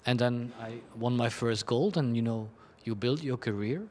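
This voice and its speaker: Man, creative director being interviewed, chaotic and blunt, ordinary mid-range pitch. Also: normal speed, a little mellow. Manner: chaotic, rambling, frequent restarts and laughs; blunt and self-deprecating. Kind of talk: candid conversational interview answers.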